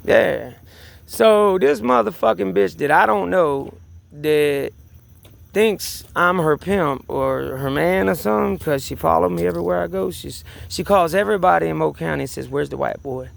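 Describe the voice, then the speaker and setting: A man's voice: sits high, moderate pace, vocal fry. A man telling a story in a rambling personal rant, agitated and profane, repeating himself and restarting sentences. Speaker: vlogger.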